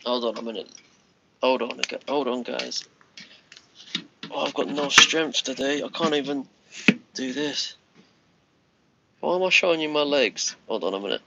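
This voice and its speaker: A man chatting to viewers on his live stream, tired, rambling and halting with many restarts. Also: medium pitch, creaky, noisy background. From United Kingdom. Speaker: livestream host. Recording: lo-fi muffled livestream audio.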